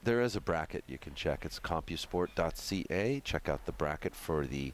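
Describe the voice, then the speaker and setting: A man's voice: a bass voice, lively intonation, moderate pace, slight background noise. A man commentating a pool match live, chatty and playful, talking straight to the viewers.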